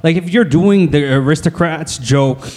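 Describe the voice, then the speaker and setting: Man, comedy podcast co-host: crude, rambling, quick to laugh, slightly high voice. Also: a little mellow. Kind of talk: casual comedy podcast banter.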